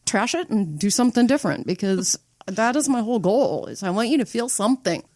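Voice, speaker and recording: A woman's voice: medium pitch, animated, fairly quick, a little mellow, no room sound, clean studio sound. A woman screenwriter from Nebraska, a podcast guest, talking bluntly and emphatically and swearing for emphasis. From United States (Nebraska). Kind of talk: casual podcast chat.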